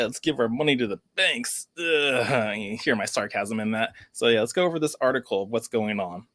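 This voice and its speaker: A man at an ordinary middle pitch hosts a casual crypto news vlog, reading from an article and stumbling over a word here and there. He mixes in sarcastic, uneasy commentary. The recording is dry and close, with no room echo. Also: a bit bright. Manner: sarcastic, worried, reads article aloud with stumbles. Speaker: crypto channel host.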